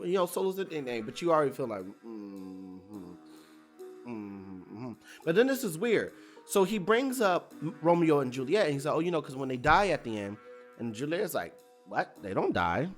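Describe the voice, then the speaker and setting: A man casually recapping a TV episode, retelling scenes in a loose, chatty way and voicing characters' lines as he goes. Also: fairly high pitch. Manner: loose, chatty retelling with fillers and acted-out quotes. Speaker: TV recap reviewer.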